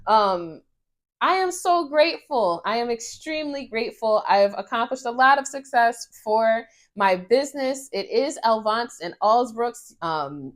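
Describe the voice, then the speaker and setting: A woman's voice: a little high, animated, normal speed. Earnest grateful woman vlogger. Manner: earnest, grateful, fighting tears at times. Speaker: author and book vlogger. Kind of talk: casual heartfelt talk to camera.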